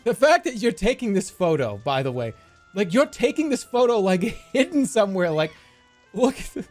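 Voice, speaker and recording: Excitable male streamer, high voice that jumps around a lot, casual and jokey, faint music underneath. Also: moderate pace. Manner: excitable, jokey, prone to laughing fits. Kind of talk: casual livestream chat, reading viewer stories aloud.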